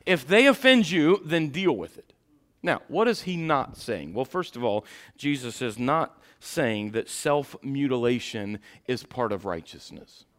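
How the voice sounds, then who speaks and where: In a smooth, medium-pitched voice, a man preaches as pastor, addressing the congregation in a folksy, direct manner. His delivery ranges from quiet asides to passages he shouts loudly.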